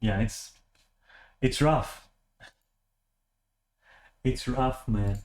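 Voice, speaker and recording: Speaking extremely slowly in a darkish mid-range voice, a male vlogger rambles to camera in a casual rant. He's self-deprecating and swears freely, with plenty of filler words and frequent sentence restarts.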